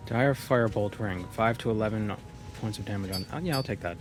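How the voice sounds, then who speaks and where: A man with a lowish voice talks casually while he plays a game, reacting aloud to whatever happens on screen. Game music plays clearly behind him. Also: fairly quick. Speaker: streamer. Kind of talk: casual gameplay commentary.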